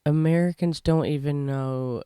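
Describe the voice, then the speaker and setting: A woman's voice: low-pitched, a little slow, clean tone, no echo, clean studio sound. Chatty woman hosting a reaction video. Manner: chatty, excitable. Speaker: YouTube reaction host.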